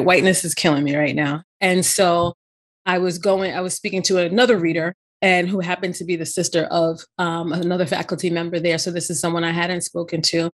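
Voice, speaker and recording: A middle-aged woman telling a personal story in casual conversation, full of "you know" and "right?" asides. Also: on the low side. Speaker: podcast co-host.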